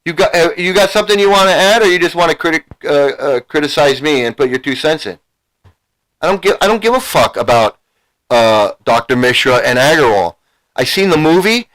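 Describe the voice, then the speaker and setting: A man on a YouTube channel tears into his viewers in a heated, profane rant. His voice sits fairly high for a man, and he hammers the same points over and over. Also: animated, brisk, fairly bright tone, rough recording. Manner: heated, profane, repeating himself, confrontational. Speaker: YouTube commentator. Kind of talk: angry rant to a live chat.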